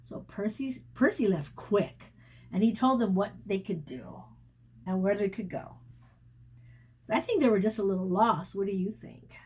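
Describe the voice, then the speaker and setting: A woman teacher reading a picture book aloud to children, pausing often to explain words and adding sound effects and asides. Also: medium pitch, animated, a little mellow, slightly rough.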